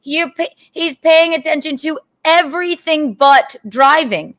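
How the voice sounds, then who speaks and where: A woman's voice: sits high, unhurried, a bit bright. A woman, the host's partner, teasing him with exasperated, laughing complaints. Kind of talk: casual teasing chat.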